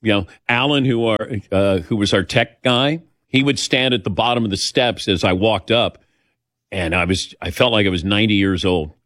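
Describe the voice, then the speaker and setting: A man's voice: on the low side, normal speed, fairly bright tone, no room sound. An older man hosting a show, telling personal stories in a chatty, self-deprecating way and acting out the voices he quotes. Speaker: host. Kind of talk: casual storytelling chat.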